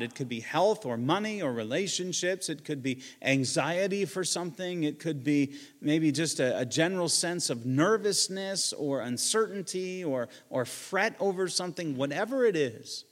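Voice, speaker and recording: A man preaching a sermon, shifting between loud emphatic lines and quiet asides. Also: a little high, in a large hall. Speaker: pastor.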